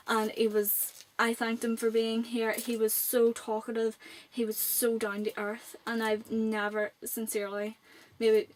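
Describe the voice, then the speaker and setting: A woman's voice: a little high, level tone, normal speed, hardly any pauses, a little hiss or hum. A young woman in her late teens with a Northern Irish accent, chatting to camera in a rambling vlog. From Northern Ireland. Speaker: vlogger. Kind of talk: casual chat to camera.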